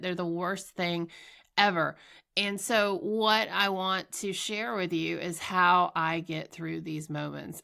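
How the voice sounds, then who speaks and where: A woman in her forties talks through a casual solo podcast in a low, gravelly voice with a bright, forward edge. She sounds stuffy and nasal, as if her allergies are acting up. She is candid and self-mocking, laughing often and swearing freely. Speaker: podcast host.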